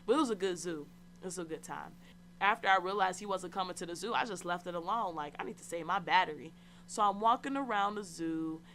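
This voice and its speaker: A woman's voice: on the low side, a bit bright, a little hiss or hum. Chatty young woman telling a story. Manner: chatty, slangy, candid, addresses listeners directly. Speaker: podcast host. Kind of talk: casual solo storytelling.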